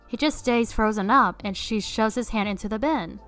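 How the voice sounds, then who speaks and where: A woman reading online stories aloud as a narrator in a steady storytelling way. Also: on the high side, normal speed, soft background music.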